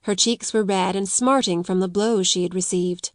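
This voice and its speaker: A woman reading a classic novel aloud as an audiobook narrator, in clear, even storytelling. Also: mid-range voice, moderate pace, no echo, clean studio sound.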